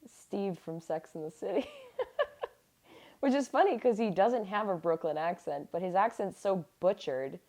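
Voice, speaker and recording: A woman talking in a casual interview, relaxed and rambling. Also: medium pitch, unhurried.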